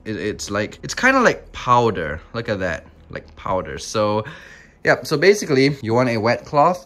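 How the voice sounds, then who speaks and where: Lively, rambling man vlogging at home. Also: on the low side. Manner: rambling, joking, excitable. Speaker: reptile and tarantula keeper, channel host. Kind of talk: casual hobby vlog.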